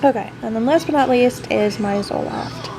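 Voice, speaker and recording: A young woman vlogging about her day, frank and weary, full of "like" and pauses. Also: a little high, background noise. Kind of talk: personal vlog. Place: in an old convertible car.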